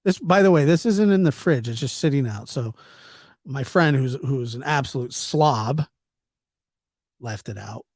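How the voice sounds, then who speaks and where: A man telling a casual, funny anecdote in an animated way, chuckling often and slipping into the voices of the people in it. His pitch rises and falls widely as he tells it. The sound is close and dry, with no room echo. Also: a little slow. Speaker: storyteller.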